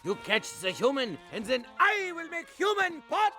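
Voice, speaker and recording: An actor playing a frustrated hunchbacked monster chef with a French accent, in a film clip over music. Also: male voice, big pitch swings, normal speed. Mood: gleeful, bossy. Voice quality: shrill and exaggerated.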